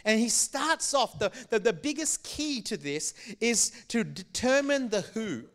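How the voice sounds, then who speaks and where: A middle-aged man born in Malaysia preaching a sermon in an animated, conversational way, drawing the congregation in. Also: extremely high pitch, unhurried, few pauses. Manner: animated, conversational, engaging the crowd. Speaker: pastor.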